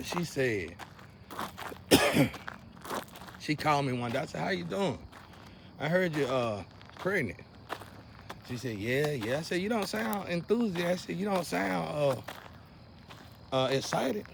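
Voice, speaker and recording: A young man, ranting to camera in a preachy, repetitive way that swings between loud outbursts and low muttering. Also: sing-song, takes it slowly, vocal fry, pauses often, background noise. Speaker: vlogger. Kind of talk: casual rant to camera.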